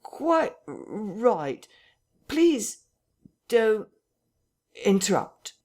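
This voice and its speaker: A man's voice: high voice, big pitch swings, very slow, darkish tone, voice pushed up, exaggerated voice. A man reading an audiobook, voicing a flustered vicar who speaks with a jerky, strained intonation.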